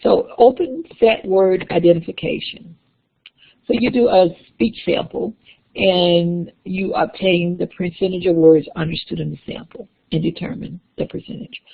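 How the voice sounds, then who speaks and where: Gravelly woman lecturing over a tinny line. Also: lowish voice, fairly even intonation, moderate pace. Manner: explanatory, with frequent restarts and fillers. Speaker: instructor. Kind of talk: classroom lecture. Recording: tinny phone-like lecture recording.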